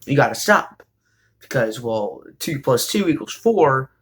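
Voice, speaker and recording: A man voicing a bossy young woman who speaks in a flat, curt way. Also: mid-range voice, a little slow. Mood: curt dismissive. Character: bossy young rental girlfriend.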